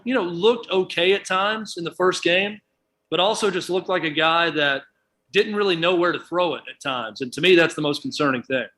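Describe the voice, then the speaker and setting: A man's voice: on the high side, sharp tone. A man appearing as a guest on sports talk radio, reasoning through his picks aloud in a thoughtful way.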